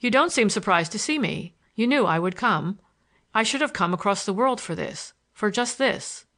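A woman reading a storybook, voicing a bold young gentleman who talks with confident, teasing assurance. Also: medium pitch, animated, moderate pace. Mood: earnest. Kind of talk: audiobook character voice.

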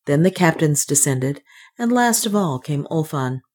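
A woman with a low voice narrates an adventure novel as an audiobook. She tells the story in a measured, steady manner. Her delivery stays even from line to line. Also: husky. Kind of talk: scripted narration.

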